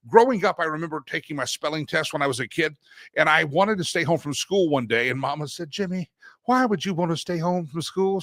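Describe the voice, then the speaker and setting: Here a man with a fairly high, sharp-toned voice runs a morning talk show built around casual news commentary. He's chatty and jokey, prone to rambling asides, and the recording is clean studio audio without echo.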